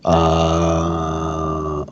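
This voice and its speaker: A man's voice: a bass voice, completely flat delivery, drawn-out words, lo-fi sound. A man narrating a tabletop game as dungeon master, talking loosely with lots of "like" and fillers.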